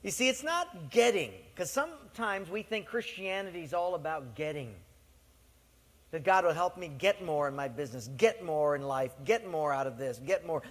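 A man's voice: fairly high pitch, lively intonation, normal speed. A man preaching a sermon, telling the story with animation and acting out the voices of its people. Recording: long hall reverb.

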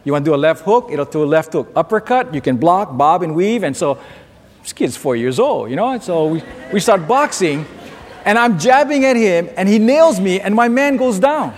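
Middle-aged male pastor, high voice, lively story-driven sermon delivery in a reverberant hall. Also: moderate pace, a little hiss or hum. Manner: animated storytelling, acts out shouting at the screen.

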